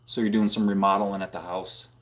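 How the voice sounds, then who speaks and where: A man hosting a casual livestream from a home room, rambling and filling his talk with "dude" and "like," close on a boom-mounted microphone. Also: little pitch movement, quick pace. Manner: rambling, filler-heavy, says "dude" and "like" a lot. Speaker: livestream host. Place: home room full of computer monitors.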